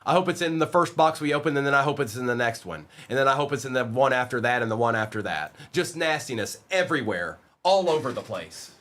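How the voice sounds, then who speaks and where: Lively man hosting a card break stream. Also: medium pitch. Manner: talks to chat viewers by name, reads lists of names quickly. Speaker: livestream card break host. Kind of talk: casual live-stream chat.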